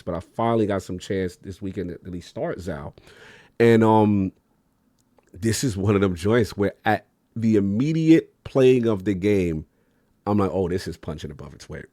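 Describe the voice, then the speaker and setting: Animated slangy man on a gaming podcast. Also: no echo, studio quality. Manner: animated, slangy, acts out quotes with big pitch jumps. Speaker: podcast co-host. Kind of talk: casual gaming podcast chat.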